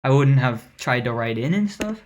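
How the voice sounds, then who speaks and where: A woman's voice: rumbling low, expressive, moderate pace, darkish tone, a little hiss or hum. A woman casually talking a livestream through her own song mix, rambling with lots of fillers and the odd swear. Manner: loose, rambling and profane, full of "like" and "um".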